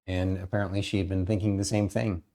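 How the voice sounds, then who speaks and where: A man with a low voice co-hosts a podcast. He reads out listener questions and chats in a relaxed, easygoing manner. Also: fast talker. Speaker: podcast co-host. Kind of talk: casual interview chat.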